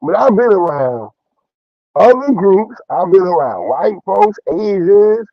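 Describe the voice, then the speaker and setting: Animated high-voiced man ranting profanely. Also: takes it slowly, vocal fry, dry recording, lo-fi sound. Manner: animated, profane, laughing storyteller. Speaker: livestream host. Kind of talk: casual commentary.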